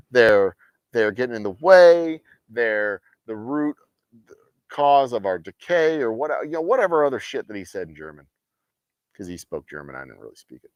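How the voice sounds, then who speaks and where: A man's voice: fairly high pitch, dry recording, studio quality. A man hosting a game night livestream, ranting in casual, profane talk and mocking people in sarcastic quoted voices. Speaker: host of a game night stream.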